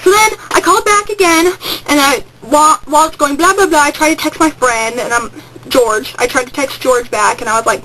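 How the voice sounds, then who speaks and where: A woman's voice: high-pitched, a little fast, pushed and bright, rough recording. A teenage girl telling a rambling story on a home webcam vlog, hyper and jumping into sudden squeals. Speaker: vlogger. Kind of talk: casual excited vlog storytelling.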